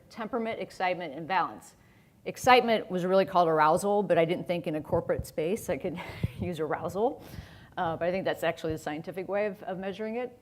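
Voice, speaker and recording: Chatty woman presenting at a conference. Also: lowish voice. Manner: conversational, chatty, laughs often. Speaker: conference speaker. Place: conference stage.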